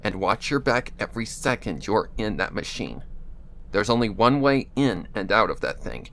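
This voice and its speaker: A man's voice: lowish voice, very animated, moderate pace, fairly bright tone, a little hiss or hum. A man voicing a stern, protective female pony mentor, talking through his nose and giving firm warnings. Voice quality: nasal.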